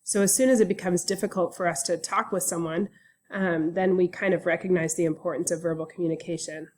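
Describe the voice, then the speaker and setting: A woman university instructor giving a casual recorded online lecture, relaxed and chatty with frequent fillers. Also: on the low side, fairly quick, slight background noise.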